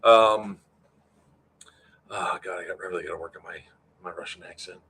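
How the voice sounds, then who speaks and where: Male event organizer, deep, bright-edged voice, casual rambling update style. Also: steady tone, normal speed, a little hiss or hum. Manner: rambling, filler-heavy, answers chat.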